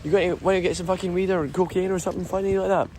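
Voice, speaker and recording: A man voicing a brash young Glasgow ned with a raspy, cheeky, sing-song delivery in a Glaswegian accent. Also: high voice, level tone, very fast, a little mellow, a little hiss or hum, pitched above the performer's own voice, natural voice.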